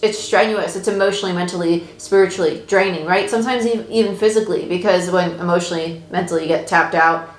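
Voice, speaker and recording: A woman giving a casual, chatty tarot reading, reassuring her listeners and swearing now and then. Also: lowish voice. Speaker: tarot reader. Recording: echoey room with faint noise.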